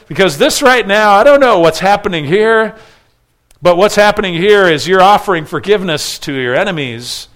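This is a man delivering a sermon in a somewhat high voice. He is earnest and emphatic, often dropping to a soft, pleading hush between louder stresses. He builds his points with short repeated phrases. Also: lively intonation, moderate pace. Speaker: preacher. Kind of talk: expository sermon.

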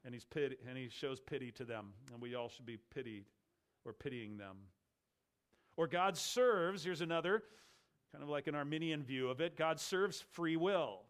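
A man preaching an explanatory sermon, stressing key words and slowing down for emphasis. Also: on the high side.

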